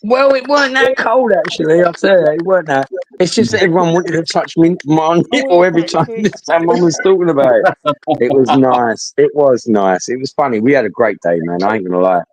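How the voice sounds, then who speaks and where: A London man in his fifties chatting casually, rambling and swearing as he tells animated stories. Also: on the high side, a little fast, low-quality recording. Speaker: talker recounting stories. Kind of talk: casual chat.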